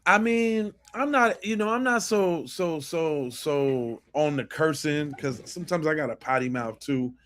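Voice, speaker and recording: A male podcast host reacting to clips in a blunt, cursing way, with a fairly high voice for a man. He restarts his sentences again and again as he makes his point. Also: a little slow, few pauses, fairly bright tone. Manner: blunt, profane, repeats and restarts phrases. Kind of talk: commentary on played video clips.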